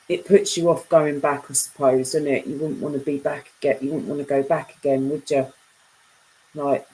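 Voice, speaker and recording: A woman's voice: sits low, a little mellow, low-quality recording. A woman chatting casually on a live stream, reading viewers' comments and bantering with them, laughing often.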